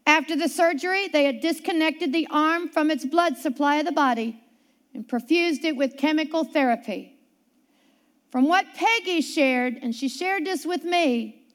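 A woman preaching a sermon, telling a healing story earnestly and slowing down to stress key words. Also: high-pitched.

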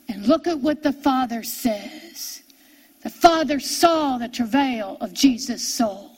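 A woman preaching a sermon, repeating her key phrases and swinging between raised declarations and hushed asides. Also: sits high, animated, takes it slowly, breathy edge.

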